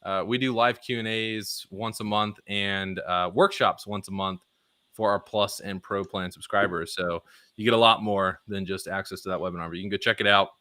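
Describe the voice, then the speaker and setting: Bright, dry-voiced man hosting a livestream. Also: on the low side, steady tone, normal speed, clear, resonant tone, no room sound. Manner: laughs often, loose and rambling. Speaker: host. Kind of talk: casual livestream chat.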